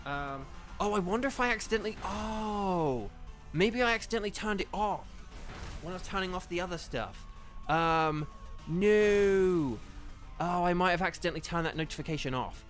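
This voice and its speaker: A man's voice: sits high, normal speed, a bit bright, soft background music. A young man chatting casually on a live game stream, rambling with lots of fillers and apologies, speaking into a desk microphone at home.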